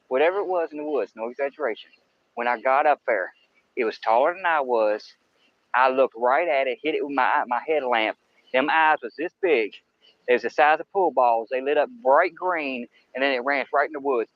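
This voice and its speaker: A medium-pitched man chats casually and folksily to viewers on his fishing livestream, rambling outdoors on a riverbank by the woods at night. Recorded through a camera-mounted mic near the water, the sound is dry and lo-fi.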